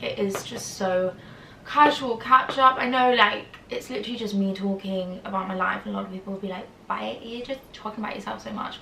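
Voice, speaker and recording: Her mid-range voice is bright and forceful yet slightly whiny as this young YouTuber chats to camera, rambling with plenty of "like" fillers. It's a roomy, distant-mic recording with slight background noise.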